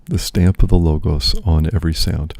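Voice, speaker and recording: A man's voice: extremely low pitch, level tone, moderate pace, darkish tone, no echo. A man, a priest and host, musing aloud in casual spoken reflection, often checking in with "right?".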